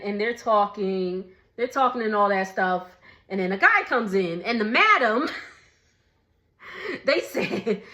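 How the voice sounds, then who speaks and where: Bright-voiced chatty woman recapping TV. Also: mid-range voice. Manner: chatty, laughs often, animated asides. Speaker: reality TV recap host. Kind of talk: casual recap chat.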